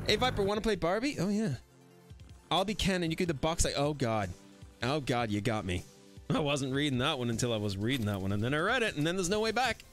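A man's voice: a little high, expressive, a little fast, music in the background. A man live-streaming a VR shooter, bantering with his chat in a crude, playful way. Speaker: game streamer.

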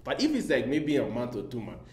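A man's voice: mid-range voice, wildly swooping pitch, a little fast, a little mellow. A man on a casual group chat panel, talking in a joking, rambling way and breaking into laughter. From Namibia. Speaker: podcast panelist. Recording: echoey room with faint background noise.

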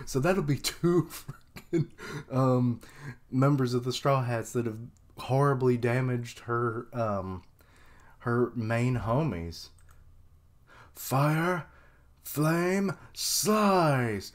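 A man giving casual live reaction commentary, excitable and swearing freely. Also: mid-range voice, extremely slow. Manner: excitable, swears freely, laughs and voices characters.

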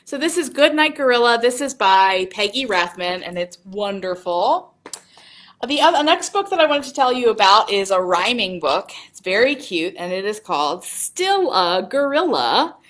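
A woman's voice: mid-range voice, sing-song, moderate pace, fairly bright tone. A woman, a children's librarian, reading picture books aloud at storytime. She speaks in a sing-song way and asks young listeners questions.

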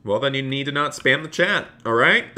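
A man with a bright, forceful voice streams a police role-play game live. He keeps up an upbeat, chatty stream of talk, thanks viewers by name and slips into a polite officer role when he talks to players. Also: medium pitch, animated, moderate pace.

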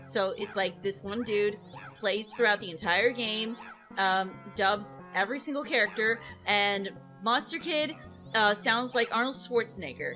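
A woman co-hosting a let's play, chatting casually and excitably about games and voices. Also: medium pitch, a little slow, faint music behind. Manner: giggly, excitable. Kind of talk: casual game commentary.

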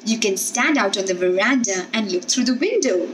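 A woman's voice: medium pitch, expressive, moderate pace, a little hiss or hum, natural voice. A woman voicing a small, blunt old man who catches snakes, in a storybook reading.

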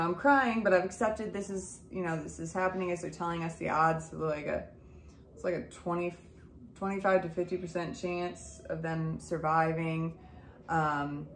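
A woman in her thirties, a mother, telling her family's story in a casual, animated way and acting out the dialogue. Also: lowish voice, echoey room, a little hiss or hum. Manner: emotional, animated retelling with quoted dialogue.

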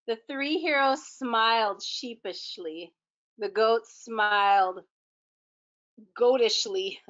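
A woman's voice: fairly high pitch, takes it slowly, a bit bright, highs cut off. A woman teacher reading a picture book aloud to children, with chatty asides to her young listeners.

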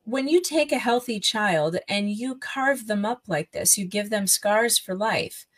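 A woman's voice: medium pitch, lively intonation, a little slow, poor audio. Indignant, emphatic woman podcast guest. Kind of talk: conversational podcast interview.

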